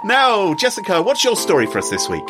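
A man's voice: high voice, huge pitch swings, loud music behind the voice. A man hosting a podcast in casual chat, teasing his co-hosts and jumping in with jokes. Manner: teasing, jokey, quick to interject. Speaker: podcast host.

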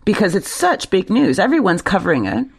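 A podcast host in casual chat, chipping in with quick, wry interjections. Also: mid-range voice, wildly swooping pitch, gravelly, husky.

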